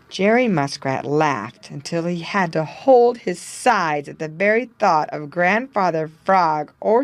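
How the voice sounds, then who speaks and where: Woman narrator, slow and animated, dry close sound. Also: on the low side, no echo. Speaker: storyteller. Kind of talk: scripted storybook narration.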